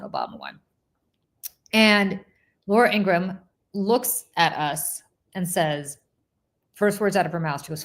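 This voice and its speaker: Woman host telling a story, lively and laughing, acts out what people said. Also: fairly low pitch. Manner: animated, laughing, acts out quoted voices. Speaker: podcast host. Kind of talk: casual storytelling chat.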